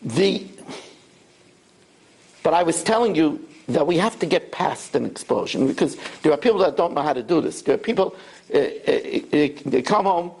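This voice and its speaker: Brief: middle-aged New rabbi, animated sermon, swinging pitch, husky voice. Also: male voice, normal speed. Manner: animated storytelling, acts out quotes.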